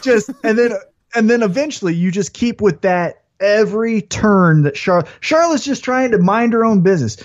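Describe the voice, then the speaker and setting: A man hosting a podcast in casual chat, telling stories in an animated way and acting out scenes. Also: sits high, moderate pace, highs cut off. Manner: animated storytelling, acts out scenes. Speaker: podcast host.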